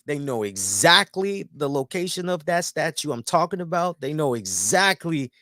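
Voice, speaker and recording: A man's voice: a little high, no room sound, clean studio sound. A man hosting a casual review show, telling a rambling story with plenty of swearing. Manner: animated, rambling, swears freely. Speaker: host and columnist.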